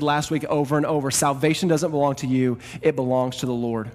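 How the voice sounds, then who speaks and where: A male pastor preaching a sermon, swinging between loud emphatic peaks and quieter asides. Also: medium pitch, level tone, brisk, hardly any pauses. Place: church hall. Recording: reverberant church hall.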